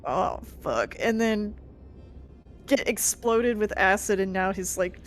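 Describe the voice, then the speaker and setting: A woman playing a tabletop role-playing game, expressive and quick to swear and laugh. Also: mid-range voice, soft background music. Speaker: player.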